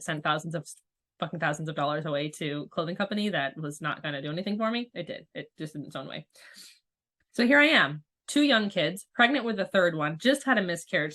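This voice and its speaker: A woman's voice: lowish voice, bright, forceful tone. A woman in her thirties, a podcast host and spiritual coach, telling her story in a candid, rambling way with lots of swearing and restarts. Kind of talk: casual storytelling monologue.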